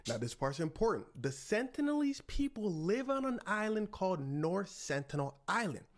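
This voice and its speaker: A man's voice: a little high, gravelly. A man telling a comedic story in a playful, slangy way, jumping into the characters' voices.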